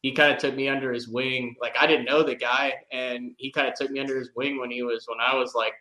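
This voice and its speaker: Man, casual podcast storyteller, rambling, filler-heavy, mid pitch, echoey room. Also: level tone, fast talker, pushed and bright. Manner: rambling, many "like" fillers, laughs while telling. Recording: roomy echo.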